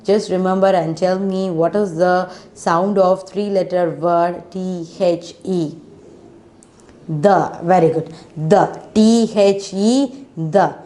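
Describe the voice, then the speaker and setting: A woman's voice: on the low side, fairly even intonation, warm tone. A woman teaching a children's phonics lesson, spelling out letters one by one and checking in with frequent questions. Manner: patient, spells letters out slowly, asks questions; frequent "isn't it?" and "okay" checks.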